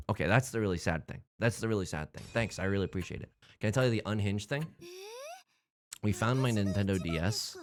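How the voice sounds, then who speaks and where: A young man chatting casually on a live stream while gaming, animated and rambling, swinging between mumbles and loud squeals. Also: low-pitched.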